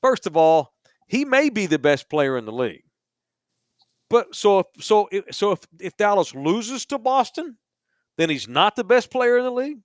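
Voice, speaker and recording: A man co-hosting a casual sports podcast, ranting hard and swearing freely. His voice sits fairly high. The sound is dry and close, with no room echo. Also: sing-song, moderate pace. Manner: profane, emphatic ranting, mocking voices. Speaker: podcast co-host. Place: bar podcast studio.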